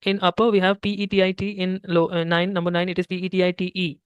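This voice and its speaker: Quick high-voiced Indian teacher. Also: male voice, completely flat delivery, clear, resonant tone, dry recording, highs cut off. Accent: Indian English. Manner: patient, explains step by step, mixes in Hindi. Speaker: French teacher. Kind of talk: one-on-one language lesson.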